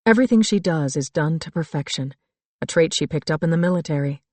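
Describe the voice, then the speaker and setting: Middle-aged woman narrating a thriller, calm. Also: sits low, fast talker, dry recording. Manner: calm, reflective storytelling. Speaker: audiobook narrator. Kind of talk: first-person thriller audiobook narration. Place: dry studio booth.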